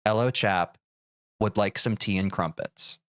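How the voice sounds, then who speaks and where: A man's voice: on the low side, measured pace, fairly bright tone, smooth, no echo, clean studio sound, pitched below the performer's own voice. A man voicing an exaggerated, cheeky British man in a brash, teasing mock-British manner. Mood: posh.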